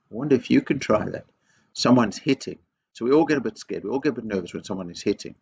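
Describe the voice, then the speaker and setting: A man's voice: mid-range voice, a little fast, gravelly, a little mellow. A man, a headteacher giving an assembly talk to young children, emphatic and teacherly, repeating key words and asking lots of questions. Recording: dull lo-fi video recording with faint background noise.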